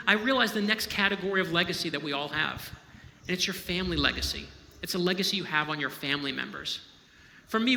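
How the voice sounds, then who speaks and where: A man's voice: high voice, bright, forceful tone. A man, a novelist, giving an inspirational storytelling talk in a conversational, emphatic way, often checking in with the audience. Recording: echoey hall with long reverb.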